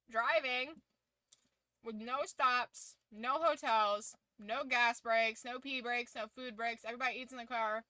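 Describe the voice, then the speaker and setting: A talkative woman hosts her stream in an easygoing chat, laughing often and letting swear words slip. Her voice sits a little high and rings bright. The sound is close and dry, with no room around it. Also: steady tone, a little slow, dry recording. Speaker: streamer hosting a watch-along. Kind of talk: casual chat.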